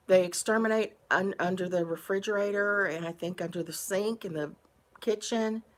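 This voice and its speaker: A woman recounting a personal story in a casual, unhurried, conversational way, with pauses between phrases. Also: medium pitch.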